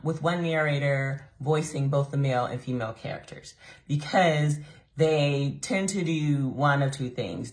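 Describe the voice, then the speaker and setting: A young woman giving a casual, animated book review, laughing often and mocking the characters in put-on voices. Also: low-pitched.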